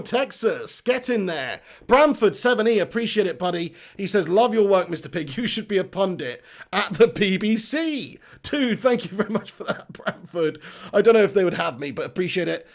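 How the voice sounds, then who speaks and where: A man's voice: sits high, animated, fairly quick. A man hosting a football live stream, reading out chat comments in an upbeat, chatty way and laughing at himself.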